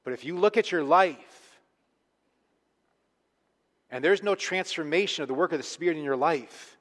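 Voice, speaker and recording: A man's voice: fairly high pitch, normal speed. Earnest preacher man in a big echoing hall. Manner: earnest, emphatic, swinging from quiet to loud. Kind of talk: sermon. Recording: long reverb of a large hall.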